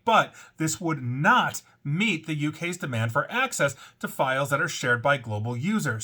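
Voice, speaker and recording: Emphatic, bright-voiced male commentator. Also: on the high side. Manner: emphatic, indignant, conversational with fillers. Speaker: tech commentator. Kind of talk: opinionated commentary.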